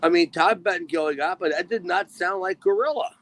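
A man's voice: sits high, a little fast, a bit bright. A man, a former wrestler guest, chatting casually with rambling restarts, laughs and cussing. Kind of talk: casual chat.

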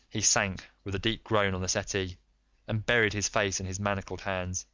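A man narrating a classic mystery story in a steady storytelling delivery. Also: sits low, normal speed, smooth, no echo. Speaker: audiobook narrator. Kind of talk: scripted narration.

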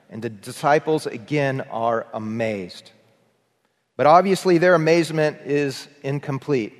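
Earnest male pastor in a reverberant hall. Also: a little high. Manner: earnest preaching, varied emphasis, leads congregation in repetition. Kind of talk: sermon.

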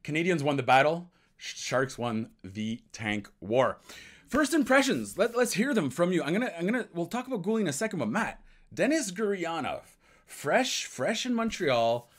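A man's voice: on the high side, sing-song, moderate pace. A male host chatting on a live hockey podcast, easygoing and rambling. He drifts into French now and then before catching himself and carrying on. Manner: rambling, switches between English and French. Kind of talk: casual hockey podcast livestream chat.

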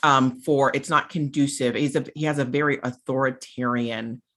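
A young woman hosting a podcast, chatty and animated as she puts questions to her guest. Her voice is bright and forceful, and she often reaches for filler words. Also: a bass voice, normal speed. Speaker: podcast host. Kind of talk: casual interview chat.

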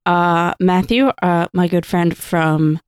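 A woman's voice: fairly low pitch, little pitch movement, slow pace, smooth, dry recording, studio quality. A woman hosting a casual chat and leading the segments in a chatty way. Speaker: podcast host.

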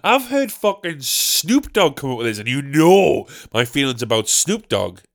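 A man's voice: medium pitch, big pitch swings, normal speed, gravelly. A British man hosting a solo comedy podcast, ranting in a sweary, rambling way. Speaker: podcast host.

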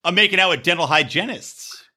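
A man co-hosting a casual reality-TV recap podcast, cracking crude jokes and slipping into loud, shrill impressions. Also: brisk. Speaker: podcast co-host. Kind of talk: casual comedic chat.

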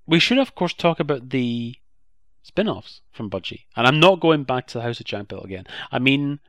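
A man's voice: mid-range voice, sing-song, moderate pace, fairly bright tone, no room sound, studio quality. A man co-hosting a podcast in a chatty, agreeable way, leaning hard on the words he stresses. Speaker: podcast co-host. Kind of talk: casual podcast discussion.

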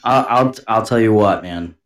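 Man, podcast co-host, crude teasing banter, lowish voice. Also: measured pace. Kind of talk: casual chat.

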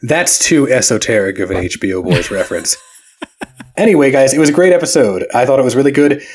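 A man's voice: mid-range voice, a little fast, a little hiss or hum. Joking podcast guy, voice bouncing up and down a lot, casual chatter. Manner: animated, joking. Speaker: podcast co-host. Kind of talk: casual chat.

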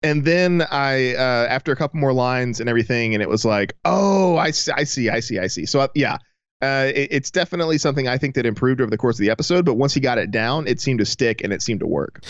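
A man's voice: medium pitch, quick pace, clear, resonant tone, no room sound. A man co-hosting a fan podcast, summarizing an episode and chatting in an easygoing way. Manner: laughs readily, easygoing. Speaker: podcast co-host. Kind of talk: casual fan discussion. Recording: dull lo-fi sound.

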